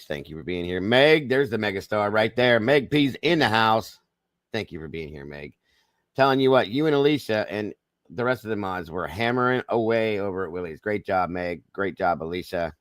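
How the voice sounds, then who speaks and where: A man's voice: low voice, a bit bright, no echo, clean studio sound. A man with a Southern American accent hosting a livestream, greeting viewers one by one in a folksy, friendly way. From Southern United States. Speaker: livestream host.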